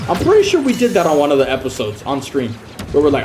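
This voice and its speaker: A man's voice: mid-range voice, big pitch swings, fast, music in the background. A man ranting profanely and heatedly during a casual livestream, often slipping into mocking voices. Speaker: live streamer.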